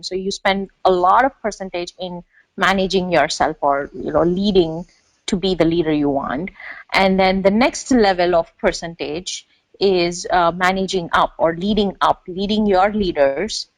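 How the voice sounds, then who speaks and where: A woman agile coach explaining her ideas in a casual panel discussion, pausing with fillers and clearing her throat. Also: fairly low pitch, no echo, rough recording.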